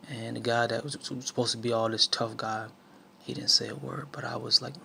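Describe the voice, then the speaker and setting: A man's voice: mid-range voice, level tone, fairly quick, gravelly, pushed and bright, slight background noise. A man from the southern United States telling a personal testimony in a preaching tone, with many restarts and fillers. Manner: storytelling with many restarts and fillers, acts out quotes. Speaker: speaker sharing a life lesson.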